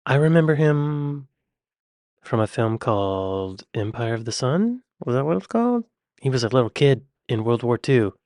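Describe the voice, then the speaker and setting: A man's voice: mid-range voice, big pitch swings, moderate pace, darkish tone, no room sound, clean studio sound. A man from the Southeastern United States, chatting casually as he reacts to a video and repeating himself in an easygoing way. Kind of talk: casual commentary.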